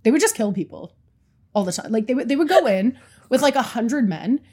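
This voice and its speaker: Husky-voiced woman podcast co-host. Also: fairly high pitch, a little fast. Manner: animated, laughing, trailing off mid-sentence. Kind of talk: casual chat.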